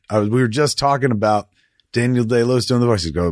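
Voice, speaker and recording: A man hosting a casual chat, telling stories in an excitable way and swearing freely. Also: lowish voice, fast, no room sound, clean studio sound. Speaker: podcast host.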